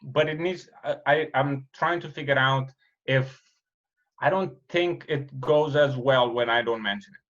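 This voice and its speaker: A man's voice: mid-range voice, unhurried, a bit bright. Hesitant Romanian man, muffled recording. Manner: hesitant, repeats words while thinking. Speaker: podcast host. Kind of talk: casual chat.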